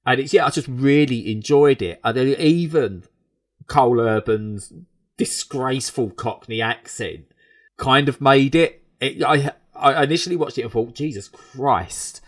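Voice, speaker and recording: A man's voice: medium pitch, normal speed. A man, co-hosting a podcast in casual, enthusiastic chat with many restarts. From England. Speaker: podcast co-host.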